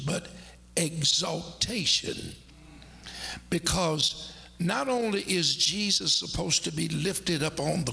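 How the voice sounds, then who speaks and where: A man preaching a sermon emphatically, with dramatic pauses, swinging from loud bursts to near-whispers. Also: fairly high pitch, creaky.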